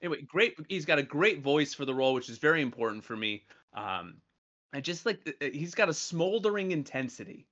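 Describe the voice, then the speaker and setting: A man's voice: a little high, big pitch swings, brisk, fairly bright tone, highs cut off. A man chatting casually as a podcast co-host, rambling with many fillers and restarts. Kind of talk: casual chat.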